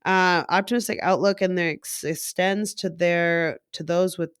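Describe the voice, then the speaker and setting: A woman's voice: on the low side, fairly even intonation, a little slow, clear, resonant tone, no echo, studio quality. A young woman vlogger who reads her horoscope aloud and reacts to it in casual, blunt chat, swearing freely.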